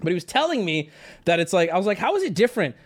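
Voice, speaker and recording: A man's voice: high voice, big pitch swings, very fast. A young man telling a rambling story on a live stream, talking to chat and swearing freely.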